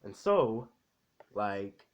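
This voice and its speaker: A man's voice: fairly low pitch, sing-song, very slow. A man in casual chat, rambling in slangy speech with lots of fillers. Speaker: anime vlogger.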